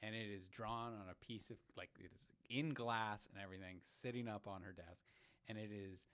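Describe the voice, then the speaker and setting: A man co-hosting a podcast, telling a story in expressive casual chat. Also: fairly low pitch, moderate pace. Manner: expressive, breaks into laughter. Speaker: podcast co-host.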